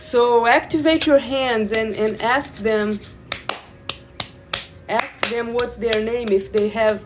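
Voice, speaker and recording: Slow-talking woman musing on Reiki. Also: mid-range voice, slight background noise. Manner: slow, meandering, repeats words, talks to viewers. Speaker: Reiki guide. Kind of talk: live spiritual stream talk.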